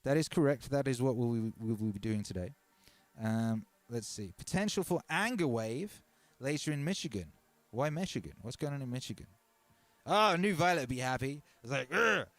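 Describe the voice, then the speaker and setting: A man's voice: mid-range voice, expressive, brisk, no room sound. Rambling male livestream host, self-mocking. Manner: rambling and self-mocking, with frequent fillers and restarts; talks straight to viewers as brothers and sisters. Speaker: livestream host and music producer. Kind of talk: casual livestream chat, reading viewer comments aloud.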